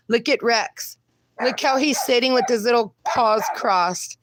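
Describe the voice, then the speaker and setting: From her home with dogs around, a woman hosts a relaxed livestream, reading viewer comments aloud and warmly greeting each person with pet names like darling. Her voice sits fairly high, she takes her time, and there's background noise.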